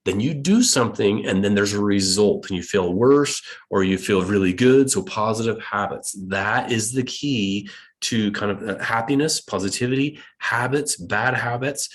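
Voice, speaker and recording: American man, middle-aged, guest speaker, playful and animated, low voice. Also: moderate pace. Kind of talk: casual talk to students.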